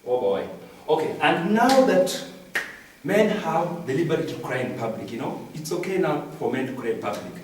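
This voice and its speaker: A man's voice: a little high, very animated, moderate pace, noisy background. A Kenyan man doing a satirical comic news monologue, repeating each punchline with "I'm telling you.". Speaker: comedian. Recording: very echoey, distant from the mic.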